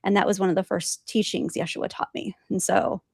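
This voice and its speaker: A woman guest telling her spiritual experiences in an animated way, laughing often and acting out quotes. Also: mid-range voice, fairly quick, creaky, slightly rough, no room sound, clean studio sound. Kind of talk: storytelling in conversation.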